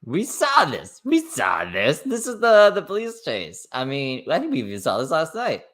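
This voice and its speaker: A man's voice: on the high side, huge pitch swings, normal speed, fairly bright tone. A man hosting, reacting to clips with sarcastic, mocking asides. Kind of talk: reaction commentary.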